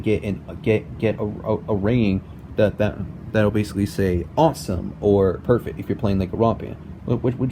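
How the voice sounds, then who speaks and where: A young man explaining a music game tutorial in a halting way, repeating words and filling with "basically" and "like", recorded on a laptop mic at home. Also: on the low side, noisy background. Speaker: tutorial maker. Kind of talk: casual screen-recorded tutorial.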